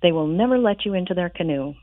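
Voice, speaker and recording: A group of skeptical squirrel friends fire off doubting questions in a low voice, as a woman reads them aloud from a storybook. The voice comes through a tinny phone line. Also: animated, fast talker, dry recording, close to an everyday voice. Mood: scoffing.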